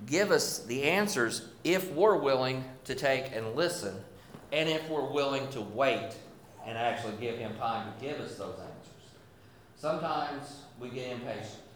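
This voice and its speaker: A man's voice: medium pitch, roomy sound, slight background noise. A man preaching a sermon, reading scripture and then talking in a folksy, self-deprecating way with many restarts.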